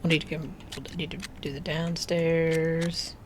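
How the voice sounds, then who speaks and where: A woman's voice: deep voice, flat delivery, background noise. A woman giving casual gameplay commentary, chatting to the game's animals in a cooing voice and sometimes dropping to a near-whisper. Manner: slow, unhurried, drifts into soft near-whispers. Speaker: gaming video creator.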